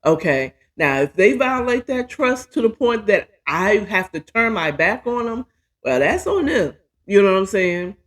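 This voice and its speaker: A woman's voice: medium pitch, sing-song, a little slow. Chatty, candid woman telling her story. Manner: candid, profane, chatty and self-mocking. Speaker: podcast host. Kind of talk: casual personal storytelling monologue.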